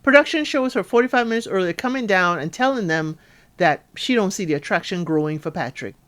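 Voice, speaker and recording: A woman's voice: lowish voice, animated, fairly quick, fairly bright tone. A woman, casually recapping a reality show and talking straight to her listeners in a chatty, sassy way. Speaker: podcast host reviewing a reality show.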